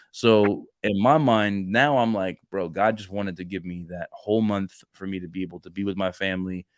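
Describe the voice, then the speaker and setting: A man in his thirties co-hosting a podcast, chatting casually about faith and telling stories with lively acted-out dialogue. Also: deep voice, clean tone, no echo, clean studio sound. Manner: animated storyteller who acts out dialogue and restarts often. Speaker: podcast co-host. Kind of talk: casual faith chat, storytelling.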